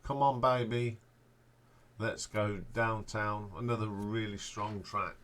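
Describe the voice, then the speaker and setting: A man with a fairly low voice talks through albums track by track in a relaxed, offhand way. His remarks tend to trail off softly at the end. A faint hiss of noise sits under the recording. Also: slow pace. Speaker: music reviewer, show host. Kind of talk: casual spoken album ranking.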